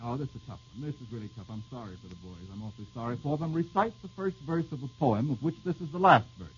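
On a dull, lo-fi old radio broadcast with slight background noise, a man with an expressive mid-range voice hosts a quiz show. He is wry and quick with jokes, bantering with the panel and reading out listeners' questions.

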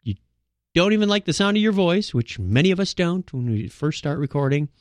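A man's voice: on the high side, lively intonation, fairly quick, dry recording. A man hosting a solo podcast, talking casually and rambling, with frequent restarts. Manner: rambling, with many restarts and filler words. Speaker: podcast host.

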